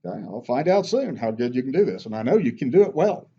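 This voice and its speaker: A man's voice: medium pitch, very animated, quick pace, mellow, husky, lo-fi sound. A man teaching a math class, patiently walking through steps and checking in with "okay?". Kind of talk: classroom lecture.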